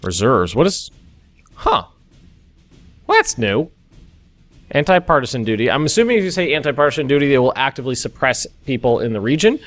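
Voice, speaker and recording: Very animated and a little fast, a young American man with a mid-range, fairly bright voice hosts a let's play, leaving long pauses as he thinks aloud through a strategy game. The casual commentary features frequent restarts and asides. The recording is dry, with faint music in the background.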